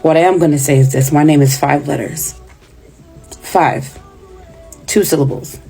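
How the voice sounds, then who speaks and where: Woman, 30s, very low dark husky voice, firm. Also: unhurried, soft background music. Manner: firm, emphatic. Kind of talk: reaction video rant.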